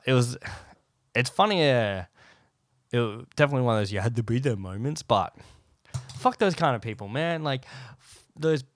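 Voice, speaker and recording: A young Australian man hosting a casual solo podcast, rambling and animated and swearing often, talking close to the microphone. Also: medium pitch, smooth, no room sound. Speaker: podcast host. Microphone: close podcast mic.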